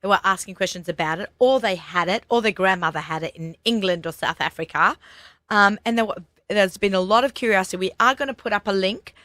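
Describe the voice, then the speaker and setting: A woman's voice: mid-range voice, sharp tone, dry recording. A woman from Australia with an Australian accent, hosting a radio chat show in a chatty, enthusiastic way. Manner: chatty, enthusiastic, quick restarts. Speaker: show host. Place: radio studio.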